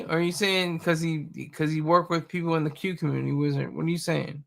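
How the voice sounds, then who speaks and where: A man's voice: on the high side, little pitch movement, brisk, vocal fry, hardly any pauses. A man in his thirties hosting a casual live stream, talking in a blunt, rambling and opinionated way. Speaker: streamer host.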